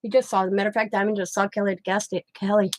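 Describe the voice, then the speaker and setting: A woman's voice: mid-range voice, level tone, very fast, darkish tone. A middle-aged woman hosting a craft livestream, chatting casually and rambling through anecdotes while she works. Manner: rambling anecdotes, quoting others in her own voice. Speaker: craft channel host.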